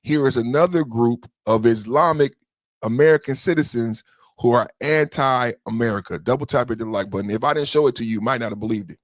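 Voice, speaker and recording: A man's voice: mid-range voice, brisk, no room sound. Fired-up, profane man on a dry mic. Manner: emotional, profane, repeats himself, talks straight to chat commenters. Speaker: podcast host. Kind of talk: heated livestream commentary.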